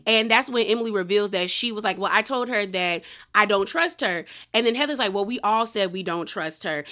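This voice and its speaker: Bright animated woman recapping reality TV. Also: on the high side. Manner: animated retelling, quoting cast members with slangy asides. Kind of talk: casual episode recap.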